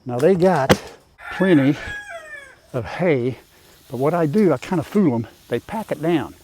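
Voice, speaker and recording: A man's voice: on the high side, expressive, unhurried, background noise. An older man, chatting casually to viewers and his animals while doing farm chores outdoors. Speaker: farm vlogger.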